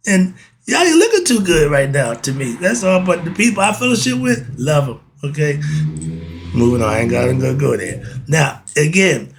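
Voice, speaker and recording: A man's voice: fairly high pitch, very animated, moderate pace, creaky, background noise. A man, giving a casual, blunt monologue, often laughing and asking and answering his own questions. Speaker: host of a philosophy talk channel.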